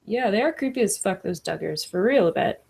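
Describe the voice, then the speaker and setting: A woman's voice: medium pitch, animated, brisk, creaky, darkish tone, breathy edge. A woman hosting a livestream, reading chat comments aloud and chatting casually with lots of laughs. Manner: laughs often, fillers like "like" and "I don't know".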